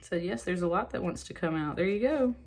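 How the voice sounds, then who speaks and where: A woman with a fairly low voice talks through a tarot reading in a loose, chatty way. She gets excited as she goes and scatters fillers and little asides through her talk. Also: brisk. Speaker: tarot reader. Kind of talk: casual spoken tarot reading.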